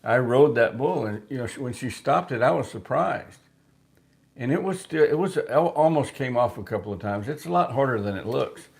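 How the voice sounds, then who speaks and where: A man's voice: medium pitch, expressive, moderate pace, vocal fry. A man, chatting on a livestream and telling folksy, joking stories. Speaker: livestream co-host. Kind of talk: casual chat.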